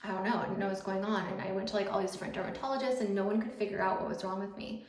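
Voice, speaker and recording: A woman's voice: medium pitch, fairly even intonation, rapid-fire. A woman in her thirties talking casually while getting ready, with a chatty way of speaking full of fillers. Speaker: YouTuber. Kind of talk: casual get-ready-with-me chat. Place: home. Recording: roomy echo, faint background noise.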